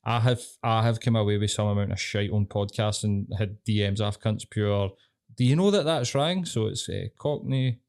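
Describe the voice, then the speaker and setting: A man's voice: on the low side, fairly even intonation, moderate pace, creaky, few pauses, darkish tone, clean tone. A Scottish man co-hosting a podcast, chatting in an easygoing way, giving advice and swearing casually. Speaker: podcast co-host. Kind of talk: casual chat.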